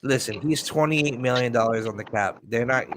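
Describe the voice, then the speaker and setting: A man's voice: medium pitch, normal speed, crowd noise. A man in a casual sports chat who insists on his point and repeats it firmly.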